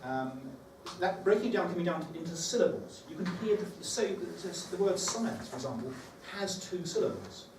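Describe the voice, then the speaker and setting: A man's voice: high voice, expressive, normal speed, gravelly, hardly any pauses. A man leading a teacher training session, talking conversationally and thinking aloud with fillers. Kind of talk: workshop talk to teachers. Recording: echoey room, far from the mic, background noise.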